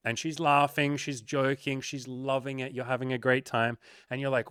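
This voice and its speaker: A young man gives frank dating advice in a loose, animated monologue. He talks at a middling pitch and jumps into little impressions of the people he quotes. The sound is close and dry, with no room in it. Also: normal speed, clear, resonant tone, no echo. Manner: candid, animated, acts out quoted voices. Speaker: dating coach. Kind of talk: casual monologue to camera.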